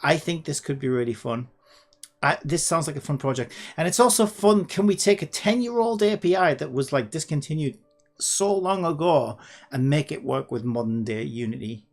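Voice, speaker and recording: A person hosting a casual coding vlog, thinking aloud in an excitable, rambling way, pleading with the computer and sometimes dropping to a muttered whisper. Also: medium pitch, normal speed. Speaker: hobbyist developer and channel host.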